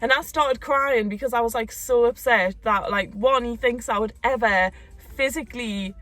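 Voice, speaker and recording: Young woman, casual storytelling, animated, faint music behind. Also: on the high side, moderate pace, no echo. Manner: animated, laughing, acts out quotes. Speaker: co-host of a couple's channel.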